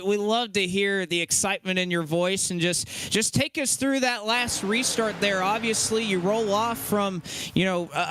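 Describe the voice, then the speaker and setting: A man's voice: sits high, fairly bright tone, slight background noise. A man hosting a sim racing broadcast, reading out finishing positions and interviewing the winner in an upbeat way. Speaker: race broadcaster.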